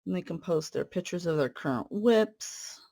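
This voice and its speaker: A woman's voice: fairly low pitch, expressive, normal speed, creaky, warm tone. Chatty woman hosting a stitch-along. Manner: chatty, friendly, with fillers and asides while stitching. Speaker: cross-stitch video host. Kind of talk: casual stitch-along chat.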